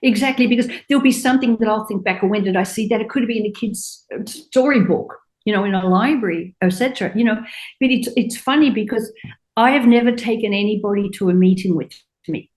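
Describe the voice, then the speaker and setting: An older woman, a fashion designer, telling anecdotes in an interview and acting out quotes in a higher voice. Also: fast talker, rough recording. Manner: animated anecdotes, acts out quotes in a high voice. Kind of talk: storytelling interview chat.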